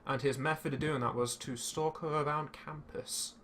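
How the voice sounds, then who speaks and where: Bright-voiced man telling a story. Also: a little high, normal speed, a little hiss or hum. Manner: swears freely, animated storytelling. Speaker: streamer. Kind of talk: casual storytelling while gaming.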